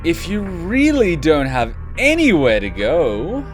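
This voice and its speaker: A man's voice: fairly high pitch, huge pitch swings, slow pace, voice pushed up, exaggerated voice. A man voicing a laid-back, stoned surfer-bro male alien troll in a video game, with a drawling bro manner over game music.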